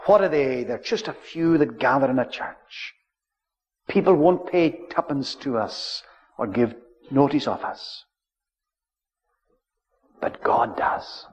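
A preacher delivers his sermon at an unhurried pace, leaning on key words with solemn weight. His voice sits at a middling pitch for a man. The recording is dull and lo-fi, with a long reverb trailing through the church. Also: animated.

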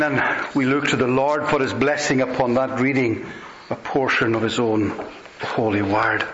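A man preaching and reading scripture in a measured, solemn way, with slow emphatic pauses. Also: mid-range voice, a bit bright, slight background noise. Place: church. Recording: roomy, dull church recording.

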